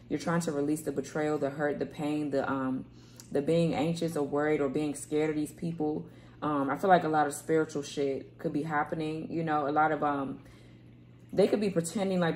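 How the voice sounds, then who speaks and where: A woman's voice: sits low, a little mellow, a little hiss or hum. A woman reading tarot cards to camera in a loose, rambling way, repeating words and swearing casually. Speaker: tarot reader. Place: home room, kids heard playing outside.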